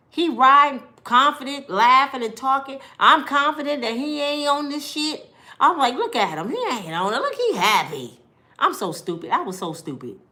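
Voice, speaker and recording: Animated woman telling a wild story. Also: sits high. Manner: animated, acting out voices, laughs; colloquial, addresses listeners directly. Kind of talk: personal storytelling.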